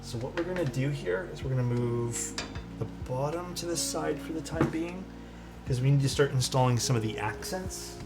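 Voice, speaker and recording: A man's voice: mid-range voice, normal speed, creaky, loud music behind the voice. A man streaming as he assembles a keyboard, talking casually, thinking aloud and answering chat, sometimes drifting away from the mic. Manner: drifts off-mic while searching for parts.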